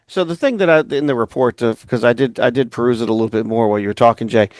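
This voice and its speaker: A man's voice: mid-range voice, rapid-fire, no echo. Dry-sounding man co-hosting a podcast. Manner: relaxed, chatty, laughs often. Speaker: podcast co-host. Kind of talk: casual chat, reading out an article.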